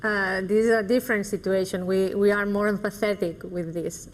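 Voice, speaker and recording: A woman giving a conference talk in a measured, explanatory way with pauses. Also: mid-range voice, steady tone, a little hiss or hum. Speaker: lecturer. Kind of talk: conference presentation.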